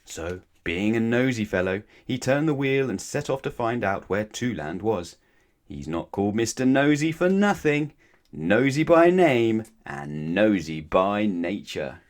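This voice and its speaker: Male bedtime-story reader, low voice, gentle and expressive. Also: unhurried. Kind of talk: children's bedtime story read-aloud.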